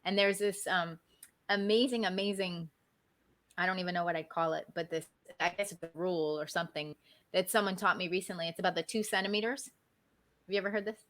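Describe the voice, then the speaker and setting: A woman speaks as a guest in a casual interview, her voice sitting a little low. She tells her story in an animated way and keeps checking in with "right?". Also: fast talker. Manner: animated, often adds "right?".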